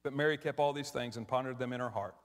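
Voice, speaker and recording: A middle-aged pastor preaches a sermon in a conversational, emotional style, often restarting his sentences. His voice is medium-pitched and fast, recorded in a church hall with long reverb.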